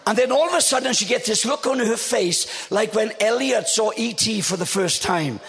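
Gravelly older man, playful preacher. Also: high-pitched, moderate pace, big-room sound. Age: 70s. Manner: animated, playful storyteller. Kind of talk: humorous storytelling sermon.

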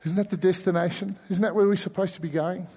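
A South African man preaching in a high, bright voice, his sermon moving between near-whispered pleading and loud outbursts. His words carry a long reverb, as if he stands in a large church hall. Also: steady tone, fast, slightly rough. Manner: swings from hushed pleading to sudden loud cries. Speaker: pastor.

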